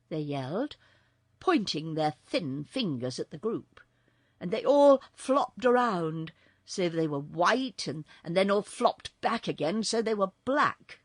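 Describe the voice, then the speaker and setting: Woman narrator, children's audiobook, slow, very lively pitch, breathy, dry. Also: no room sound. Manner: very expressive. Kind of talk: storybook narration.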